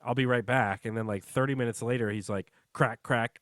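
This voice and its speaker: A man's voice: medium pitch, steady tone, fast talker, fairly bright tone. A young man co-hosting a casual podcast, telling rambling, joking stories and laughing through them. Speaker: podcast co-host. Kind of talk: casual chat.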